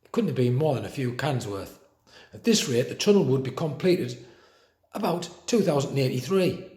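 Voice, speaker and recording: Expressive man reading a children's story. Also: mid-range voice, normal speed. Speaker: teacher. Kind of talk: reading a children's book aloud. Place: school room. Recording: roomy echo.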